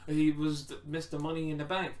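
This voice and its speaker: A man's voice: fairly high pitch, completely flat delivery, fairly quick, very noisy. A man rambling casually through wrestling predictions, full of restarts and acted-out quotes. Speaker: wrestling fan predicting matches. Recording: roomy echo, distant from mic.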